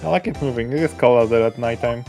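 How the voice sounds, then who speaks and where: A man's voice: mid-range voice, fast talker, warm tone, natural voice. A man voicing a chatty male hot dog vendor, drawling and hesitant with fillers. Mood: easygoing. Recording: livestream with game music behind.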